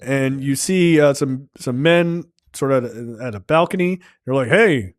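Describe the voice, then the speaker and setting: A man's voice: medium pitch, moderate pace, no echo, clean studio sound. A man hosting a film review podcast, retelling scenes casually with lots of swearing. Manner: profane, animated scene-by-scene retelling. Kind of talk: casual chat.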